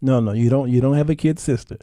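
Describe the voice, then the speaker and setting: A man voicing a gentle, doting wife who coos and calls her husband baby. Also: medium pitch, fast, no echo, clean studio sound, natural voice. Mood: scolding. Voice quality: soft, hushed cooing voice. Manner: calls him baby, soothing, then scolding.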